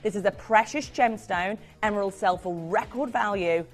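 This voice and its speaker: A woman's voice: mid-range voice, moderate pace, soft background music. A woman presenting on a live shopping channel, selling jewellery with gushing, effusive patter.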